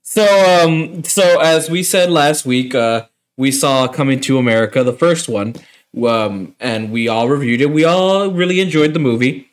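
A man's voice: mid-range voice, normal speed. A man co-hosting a podcast in casual chat, easygoing and introducing the review segment. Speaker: podcast co-host.

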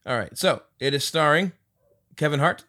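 A man's voice: on the high side, moderate pace, no room sound, studio quality. A man in his late thirties co-hosting a casual podcast, telling stories with lots of swearing and laughter. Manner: animated storyteller, swears freely, laughs often. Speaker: podcast co-host.

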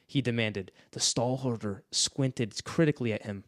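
A man's voice: mid-range voice, normal speed, few pauses. An American man on a book podcast, gushing over favorite passages and reading them aloud, often breaking into laughter. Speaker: podcast co-host.

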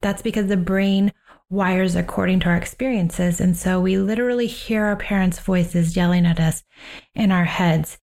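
A woman who is a parenting coach and host, talking through personal advice in a calm, unhurried, reflective way. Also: on the low side.

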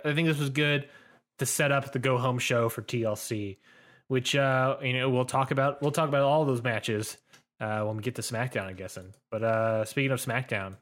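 A man's voice: mid-range voice, fairly bright tone. A man co-hosting a casual podcast, rambling and teasing with plenty of restarts. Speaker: podcast co-host. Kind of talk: casual chat.

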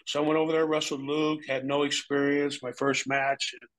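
A man's voice: a little high, normal speed, rough recording. A man guest in an interview, telling stories casually and animatedly, laid-back and profane. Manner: animated, acts out quoted voices. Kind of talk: casual storytelling.

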